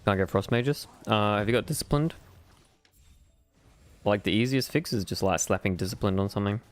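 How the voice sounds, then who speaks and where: A man's voice: on the low side, moderate pace, soft background music. Sleepy, swearing male game streamer. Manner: loose, profane banter with chat. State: sleepy and yawning. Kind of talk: casual live-stream chat.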